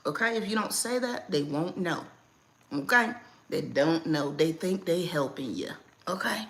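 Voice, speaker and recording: A young to middle-aged woman, hosting a casual livestream chat from home in a blunt, animated way and laughing often. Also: low voice, measured pace. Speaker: livestream host.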